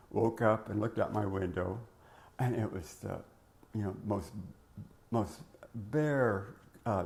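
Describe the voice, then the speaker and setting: Older man with a low gravelly voice. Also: darkish tone. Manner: rambling, reminiscing, many fillers and restarts. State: voice cracking. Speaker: interviewee recalling his working life. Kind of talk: oral history interview.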